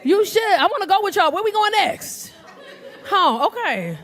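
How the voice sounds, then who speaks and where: A woman doing stand-up comedy on a club stage, brash and animated, acting out voices and working the crowd. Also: very high voice, normal speed. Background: audience laughter.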